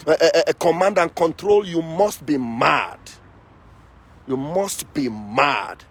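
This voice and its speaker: A man's voice: a little high, creaky, a little mellow, slight background noise. A man giving an impassioned political speech, fiery and accusatory, hammering his points by repeating lines. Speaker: political activist.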